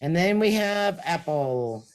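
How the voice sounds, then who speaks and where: A woman co-hosting an online language lesson, coaching students with slow, patient prompts over a video call. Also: lowish voice, animated, a crowd in the background. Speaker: language teacher and co-host.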